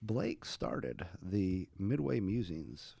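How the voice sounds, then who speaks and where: A man's voice: fairly low pitch, big pitch swings, drawn-out words, creaky, mellow, husky, dry recording, clean studio sound. Chatty man hosting a local podcast. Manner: chatty, stammers and repeats words. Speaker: podcast host and town mayor. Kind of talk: casual chat.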